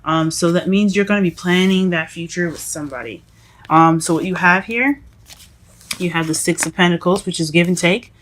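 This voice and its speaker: A woman giving a casual tarot reading to her viewers, halting and self-correcting as she goes, often calling them "guys". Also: fairly low pitch, fairly bright tone, slight background noise. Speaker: tarot reader.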